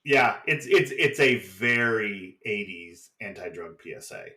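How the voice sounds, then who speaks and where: A man co-hosting a podcast, casually recapping a TV episode with swearing and quick mock voices of the characters. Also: on the low side, expressive, sharp tone. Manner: swearing, chatty, acts out quick impressions. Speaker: podcast co-host.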